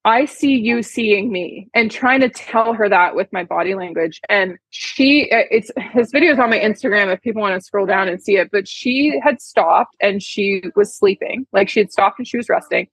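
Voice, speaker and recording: A woman's voice: mid-range voice, normal speed, few pauses, a bit bright, breathy edge, no echo, poor audio. A woman, a horse trainer and podcast guest, telling a heartfelt story in a chatty way full of "like" fillers. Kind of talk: casual storytelling interview.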